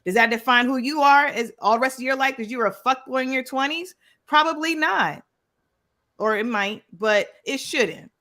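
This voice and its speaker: A woman's voice: sits high, normal speed, sharp tone. A woman on a remote call as a panel guest, firm and insisting on finishing her point in a heated debate. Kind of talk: heated live-stream debate.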